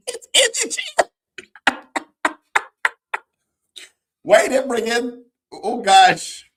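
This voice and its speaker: Guyanese guy hosting political talk, slow drawl, keeps asking why over and over, teasing. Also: fairly high pitch, fairly bright tone. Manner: mocking, repeats rhetorical questions. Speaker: host. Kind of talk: political commentary.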